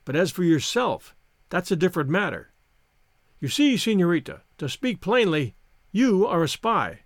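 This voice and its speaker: A man's voice: sits high, big pitch swings, normal speed, no room sound, studio quality. A man playing a gallant young naval officer. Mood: teasing. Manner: playful, courtly.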